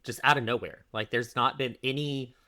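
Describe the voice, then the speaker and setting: A man's voice: mid-range voice, steady tone, normal speed, bright, forceful tone, no echo, studio quality. A man co-hosting a casual history podcast, telling the story with jokes, laughter and acted-out quotes. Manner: jokey storytelling, laughs often, acts out quotes. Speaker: podcast co-host.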